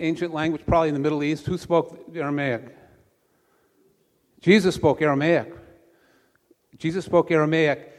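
A man's voice: fairly high pitch, darkish tone. Chatty male pastor preaching, loose storytelling, church echo. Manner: conversational storyteller. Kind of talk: sermon with a joke. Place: church sanctuary. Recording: long church reverb.

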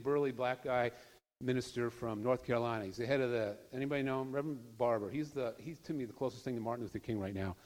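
A man's voice: medium pitch, a little mellow. Earnest man speaking in a reverberant hall. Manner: earnest, conversational, rising to emphatic. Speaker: speaker addressing an audience. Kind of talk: informal public talk.

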